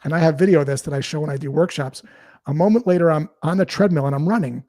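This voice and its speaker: A man guest on a podcast, explaining sales ideas through lively anecdotes and acting out bits of dialogue. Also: a little high, fast talker, no echo. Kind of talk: storytelling interview talk.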